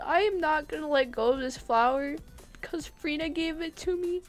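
A woman livestreaming a game, chatting to friends in the game in an excitable, giggly way, often shouting their names and apologizing. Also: high-pitched, moderate pace, soft background music. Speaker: gaming livestreamer. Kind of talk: live gameplay chatter.

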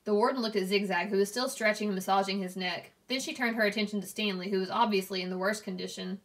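A woman reading a novel aloud, narrating steadily and clearly. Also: mid-range voice, fairly even intonation, fast, few pauses. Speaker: reader.

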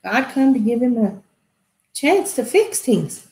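A woman telling a Bible story to children in an animated way, asking them questions. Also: on the high side, measured pace. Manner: animated, asks kids questions. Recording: echoey room.

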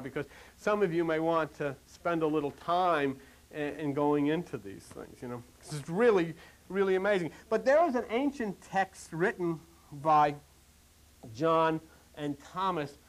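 A man with a high voice preaching to a congregation. He talks in a loose, chatty way, circling back over his points, then climbs to an animated, emphatic pitch. His delivery is that of a sermon. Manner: conversational, repetitive, rising to animated emphasis.

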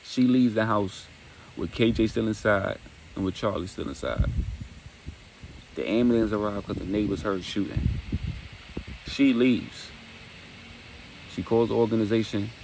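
A man's voice: lowish voice, unhurried, vocal fry, pauses often, background noise. A man casually retelling a dramatic story, acting out dialogue and making sound effects.

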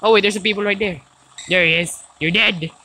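A woman doing casual let's-play commentary, excitable, yelling and swearing at the game. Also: medium pitch, a little fast, heavy background noise. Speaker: gaming video host.

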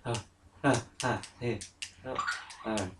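A woman's voice: extremely low pitch, unhurried. A woman co-hosting a let's play in casual chat, giggling and reassuring her partner, often apologizing. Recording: roomy echo, distant mic, faint hiss.

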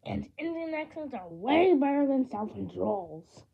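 A woman voicing a whiny, spiteful young bear, ranting in a sneering, drawn-out way on a dull lo-fi home recording. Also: sits high, sing-song, creaky, slight background noise, heavily acted. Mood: scornful. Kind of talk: amateur grounded-video voice acting.

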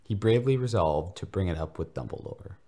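A man with a very deep voice reads a fanfiction aloud as a podcast host. His narration is deadpan and mock-earnest. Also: fairly quick.

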